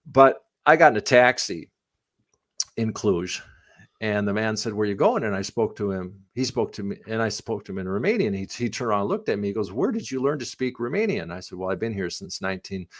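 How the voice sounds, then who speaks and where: A middle-aged man, a missionary pastor whose first language is English, answering questions in a live conversation, rambling with many restarts and growing animated when he tells stories. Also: fairly low pitch, no echo, clean studio sound. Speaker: missionary pastor and Bible translation theologian.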